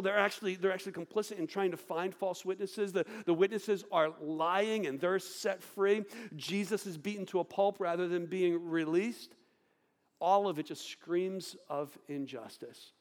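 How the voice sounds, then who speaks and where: Dramatic preacher in a reverberant hall. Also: male voice, high voice. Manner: dramatic, swings from loud to hushed. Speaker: pastor. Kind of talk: sermon.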